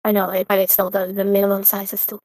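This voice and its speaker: Hesitant woman with a flat voice. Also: mid-range voice, quick pace, no echo. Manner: hesitant, lots of fillers. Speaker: player. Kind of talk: casual chat on a call.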